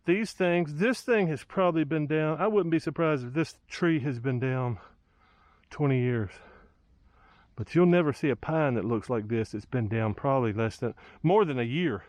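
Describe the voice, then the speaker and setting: Filming a walk through the woods beside a lake, a hiker vlogger thinks aloud, dropping in plenty of fillers as he goes. His voice sits a little high with a darkish tone, he moves at a moderate pace, and the recording is dry.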